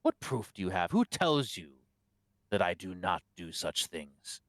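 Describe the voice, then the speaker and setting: A man's voice: low-pitched, big pitch swings, measured pace, no echo, heavily acted. A man playing a fanatical preaching abbot. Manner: sermonizing, grandiose.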